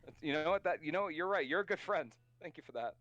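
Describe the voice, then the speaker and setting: Brief: self-mocking guest man, animated delivery, hissy recording. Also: a little high, fast talker, dull audio. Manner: jokey, self-mocking, mock-dramatic. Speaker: guest co-host. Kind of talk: casual chat. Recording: noisy mic line.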